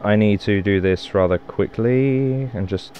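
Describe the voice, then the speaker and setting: Jokey man with a deep voice. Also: unhurried, mellow, dull audio, a little hiss or hum. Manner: rambling, jokey, swears and exclaims. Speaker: Minecraft let's player. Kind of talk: casual gameplay commentary.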